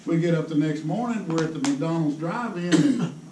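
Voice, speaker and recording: At a seminar in an indoor tackle show hall, a fishing pro with a fairly high, warm voice rambles through casual stories at a moderate pace, laughing often in a folksy way. The distant mic catches hall echo and chatter from the crowd.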